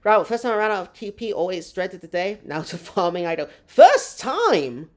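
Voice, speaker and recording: A woman's voice: fairly low pitch, quick pace. A woman hosting a live gameplay stream, chatting with her audience in a rambling, self-mocking way. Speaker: gaming streamer.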